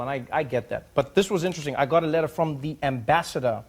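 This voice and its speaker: A man's voice: fairly high pitch, quick pace, hardly any pauses, slight background noise. A man, a talk show host telling comic stories and acting out the voices of people in them. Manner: animated, acts out quoted voices. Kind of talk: comic storytelling.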